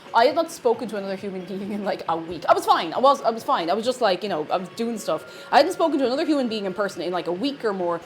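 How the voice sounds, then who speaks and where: Chatty Irish woman with a lively voice. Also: mid-range voice. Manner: chatty, rambling storyteller who laughs often. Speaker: baking livestream host. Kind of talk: casual chat while baking. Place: home kitchen.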